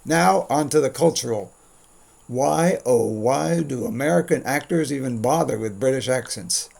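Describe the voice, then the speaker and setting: A man's voice: mid-range voice, lively intonation, moderate pace, creaky, darkish tone. A man hosting a scripted commentary monologue, delivered in a dry, wry, opinionated way. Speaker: commentary host.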